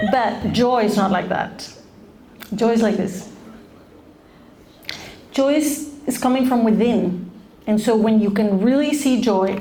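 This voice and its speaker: Animated woman speaker, higher voice. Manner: animated, asks the audience questions. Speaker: speaker giving a talk to college students. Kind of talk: lively public talk. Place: lecture room.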